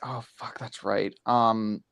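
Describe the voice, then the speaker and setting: A man's voice: on the low side, little pitch movement, takes it slowly, creaky, a crowd in the background. A man hosting a livestream group chat in a casual, easygoing way, repeating himself when flustered. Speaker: stream host.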